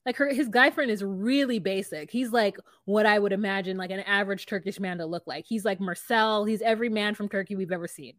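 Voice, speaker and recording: A woman's voice: medium pitch, brisk, hardly any pauses, fairly bright tone, no echo, studio quality. A woman co-hosting a podcast, retelling a scene in casual chat and acting out both sides of it. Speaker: podcast co-host.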